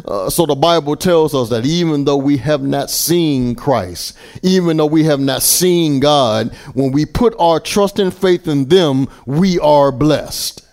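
A man delivering a sermon in a fairly high voice. He preaches slowly and deliberately, leaning on key words. Now and then he stammers and restarts. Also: darkish tone.

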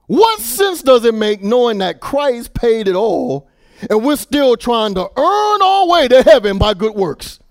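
A male preacher delivering an impassioned sermon, repeating words as he builds, falling to a hush and then rising to shouts. His voice is high for a man and sounds close and dry. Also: vocal fry, no room sound.

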